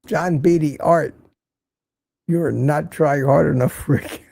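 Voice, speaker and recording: An older man with a gravelly, fairly high voice hosts a relaxed livestream, greeting viewers by name and ribbing them in a chatty way. His tone is mellow and the sound is dry and close. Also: slow, dry recording. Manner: reads viewer comments aloud, teasing and chatty. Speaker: livestream host. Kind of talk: casual livestream chat. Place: home in Florida.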